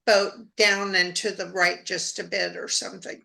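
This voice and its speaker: A woman in a painting class talks casually with her teacher, asking tentative questions. Her voice is bright and sharp, with a strong gravelly fry running through it. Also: mid-range voice, little pitch movement, moderate pace. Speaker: art student.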